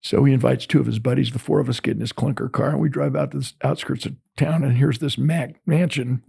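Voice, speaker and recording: An older man, a guest motivational speaker, telling animated stories in an interview and acting out the dialogue. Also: mid-range voice, fast, creaky, breathy edge. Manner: animated storyteller, acts out dialogue. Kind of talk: storytelling in an interview.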